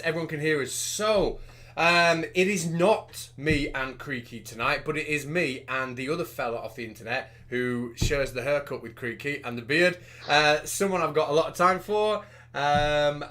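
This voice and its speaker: A man's voice: on the high side, pushed and bright. A man hosting a debate livestream, chatty and rambling, with a self-deprecating manner. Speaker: debate host.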